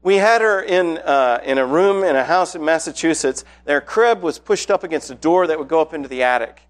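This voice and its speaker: A pastor giving a sermon to his congregation in a conversational, storytelling manner that builds in excitement. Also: fairly high pitch, a little fast. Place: church hall with congregation.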